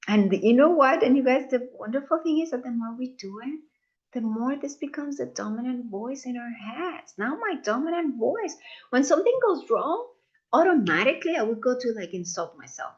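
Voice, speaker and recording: A woman leading a live masterclass, talking warmly to her audience and acting out the voices people use on themselves. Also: high voice, moderate pace, highs cut off. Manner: expressive, acts out inner voices, addresses audience as "you guys". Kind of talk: live online masterclass talk.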